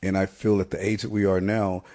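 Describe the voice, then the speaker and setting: Easygoing low-voiced man in his fifties. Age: 50s. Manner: relaxed, laughs often, warm and grateful; halting with fillers and restarts. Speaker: band singer, interview guest. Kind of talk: casual interview chat.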